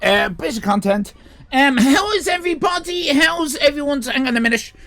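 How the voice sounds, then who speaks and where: An Irish man in his fifties hosting a comic livestream, rambling crudely with sudden shouted bursts. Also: very high-pitched, expressive, moderate pace. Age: 50s. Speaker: comedy livestream host. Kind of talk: improvised comic monologue.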